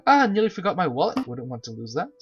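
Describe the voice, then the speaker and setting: A game player voicing an earnest, dignified male falcon lawyer who talks in a measured, formal way, on a slightly dull lo-fi recording. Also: medium pitch, sing-song, husky, soft background music, pitched above the performer's own voice.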